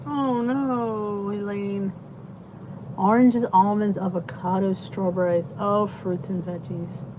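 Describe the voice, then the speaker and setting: A woman talks slowly and chattily on a live stream. She greets viewers by name and stretches out her exclamations. A faint hum sits behind her voice. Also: medium pitch, fairly even intonation. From Philadelphia, Pennsylvania. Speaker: host of a live chat stream. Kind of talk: casual live-stream chat reading comments.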